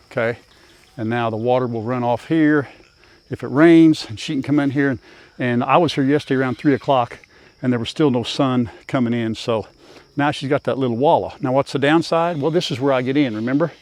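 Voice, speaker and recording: A man's voice: mid-range voice, fairly even intonation, brisk, darkish tone. An older man, chatting casually to viewers and his animals while doing farm chores outdoors. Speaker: farm vlogger.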